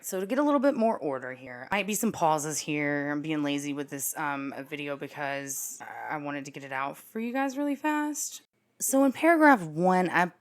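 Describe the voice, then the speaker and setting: A woman giving casual, irreverent legal commentary on a criminal case, laughing at herself and jumping into loud outbursts. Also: a bass voice. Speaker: true crime commentator.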